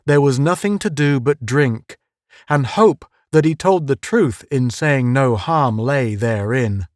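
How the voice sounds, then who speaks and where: A man reading a suspense tale aloud in a measured, dramatic storytelling voice of middling pitch. The sound is close and dry, with no room echo. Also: expressive. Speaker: audiobook narrator. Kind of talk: scripted first-person narration.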